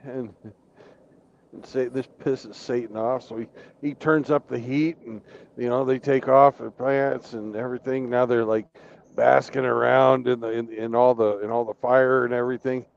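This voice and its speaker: A man's voice: medium pitch, fairly even intonation, moderate pace, gravelly. A man in his fifties hosting a casual live-stream chat, telling a joke loosely with swearing and fillers. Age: 50s. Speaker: host. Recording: dull lo-fi audio.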